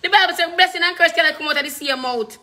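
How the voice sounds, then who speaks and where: A woman's voice: very high-pitched, fast, bright, forceful tone. A woman with a Jamaican accent preaching an impassioned sermon, hammering home repeated phrases and moving between patois and standard English.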